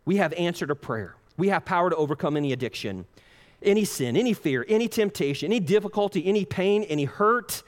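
A man's voice: sits high, lively intonation, quick pace. Impassioned male preacher in a reverberant hall. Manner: impassioned, swings from loud pleading to hushed. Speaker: pastor. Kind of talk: sermon.

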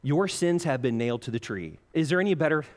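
A man preaching a sermon as pastor, passionate, swinging between loud pleading and hushed intensity. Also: fairly high pitch, expressive, quick pace, in a large hall.

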